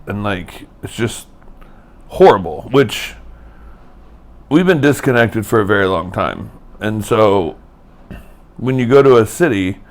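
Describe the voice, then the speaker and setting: A man's voice: on the low side, expressive, measured pace, pauses often. A man co-hosting a podcast in easygoing casual chat, recorded in a hotel room. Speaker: podcast co-host.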